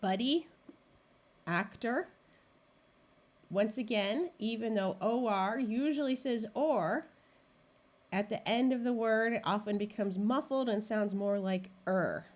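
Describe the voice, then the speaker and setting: Slow, deliberate woman teaching phonics. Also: fairly high pitch. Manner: slow, deliberate, clear word-by-word modeling. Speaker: reading tutor. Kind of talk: phonics lesson narration.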